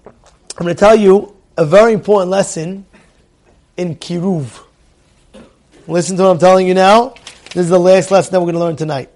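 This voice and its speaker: A middle-aged man leads a Torah class with a high, lively voice. He repeats phrases for emphasis, peppers his talk with Hebrew terms and keeps asking his listeners whether they follow. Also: brisk, long pauses. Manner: animated, repeats phrases for emphasis, asks the audience questions. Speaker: Torah teacher.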